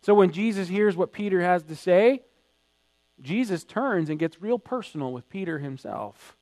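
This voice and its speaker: A man's voice: high voice, animated, moderate pace, no room sound. Emphatic male preacher, dry hum. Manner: emphatic preaching, swelling louder in acted quotes. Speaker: pastor. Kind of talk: sermon.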